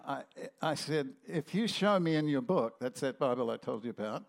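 Gravelly animated male preacher. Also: medium pitch, normal speed. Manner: animated storytelling, acting out voices. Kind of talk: sermon.

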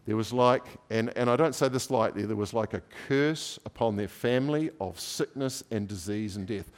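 Animated male preacher telling a story. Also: medium pitch. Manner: animated storyteller acting out voices. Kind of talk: storytelling sermon.

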